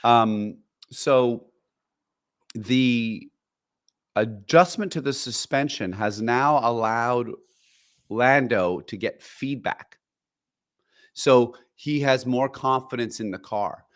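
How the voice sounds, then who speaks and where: A man's voice: mid-range voice, slow pace, long pauses. A man co-hosting a podcast, explaining things in a rambling way with lots of fillers and restarts. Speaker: podcast co-host. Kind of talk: casual chat.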